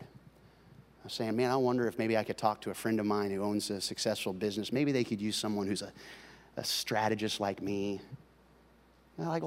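A male pastor preaching a sermon, swinging between loud, driving passages and quiet, confiding talk with his congregation. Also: on the low side. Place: large church hall. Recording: long hall reverb.

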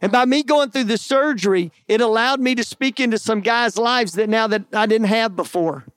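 A man's voice: sits high, moderate pace, a bit bright, no echo, studio quality. A man preaching a sermon in a folksy, conversational way, often tossing in "man" and "right?". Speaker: pastor.

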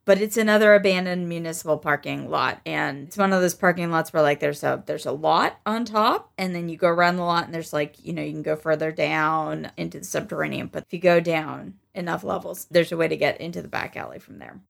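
A woman's voice: low voice, fairly quick, gravelly, few pauses. A woman playing a tabletop role-playing game, talking in a chatty, playful way with fillers and self-corrections. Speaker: player.

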